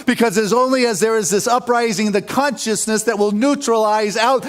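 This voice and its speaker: A man preaching a sermon, telling a story with lively energy and laughter. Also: high-pitched, moderate pace. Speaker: pastor.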